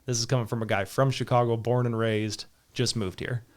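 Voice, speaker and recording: A man's voice: medium pitch, little pitch movement, brisk. A man hosting a casual podcast, telling rambling stories and laughing often between them. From Southern Utah. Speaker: podcast host. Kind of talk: casual chat.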